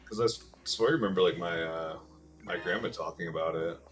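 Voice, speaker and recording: Low-voiced rambling man from Michigan. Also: fairly quick, a bit bright, a little hiss or hum. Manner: rambling, heavy use of "like". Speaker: game streamer. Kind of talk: casual chat while gaming.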